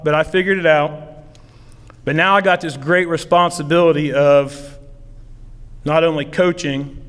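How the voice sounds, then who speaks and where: A middle-aged man from southeastern Ohio speaks at a ceremony as a football coach, in a slightly high voice. He tells his stories in a rambling, heartfelt way, full of fillers. A long hall reverb hangs behind every phrase. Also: a bit bright, clean tone. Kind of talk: acceptance speech.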